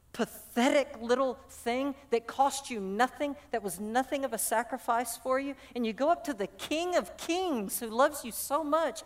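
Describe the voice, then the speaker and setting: A woman pastor delivers a passionate sermon. Her voice sits a little high, and she often repeats words as she builds toward a point.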